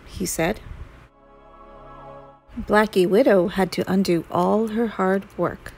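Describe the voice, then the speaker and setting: A woman reads a children's picture book aloud at an unhurried, gentle pace. Her voice carries a gravelly, creaky texture, and soft music plays faintly behind her. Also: mid-range voice, fairly even intonation, rough recording. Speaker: storyteller.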